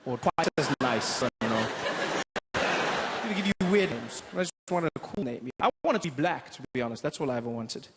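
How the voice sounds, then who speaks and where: A young man from South Africa doing a stand-up comedy routine, an animated storyteller who breaks into loud impressions. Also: mid-range voice, brisk, heavy background noise.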